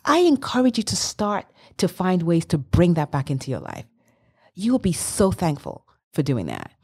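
Fifties woman, life-coach guest; lively rising delivery, a touch husky, motivational. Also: fairly low pitch, normal speed. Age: 50s. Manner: enthusiastic, emphatic, laughs often. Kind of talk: interview guest, motivational talk.

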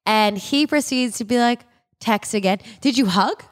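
A woman's voice: on the high side, moderate pace, long reverb tail. A young woman co-hosting a casual podcast, reacting emphatically and swearing freely. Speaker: podcast co-host. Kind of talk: casual chat.

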